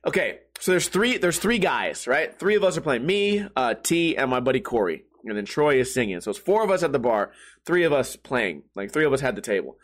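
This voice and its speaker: Animated, foul-mouthed storytelling man. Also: mid-range voice, brisk. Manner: profane, animated, laughs often. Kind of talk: casual comedic storytelling.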